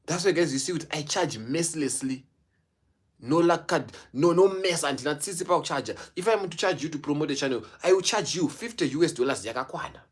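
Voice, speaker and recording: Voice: mid-range voice, lively intonation, fairly quick, husky. A young adult Zimbabwean YouTuber whose first language is Shona, talking in a casual vlog and switching between English and Shona mid-sentence. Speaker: YouTuber celebrating a subscriber milestone.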